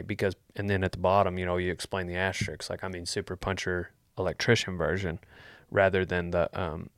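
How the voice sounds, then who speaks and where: A man hosting a vlog, answering viewer questions in a rambling, deadpan joking chat. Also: deep voice, no echo, clean studio sound. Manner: joking, deadpan, wandering asides.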